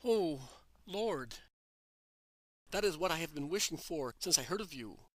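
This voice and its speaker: A man's voice: fairly high pitch, animated, measured pace, dry recording. A man reading the lines of an elderly, tearful peasant grandfather with a guttural voice, in a plain pleading tone. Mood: grateful.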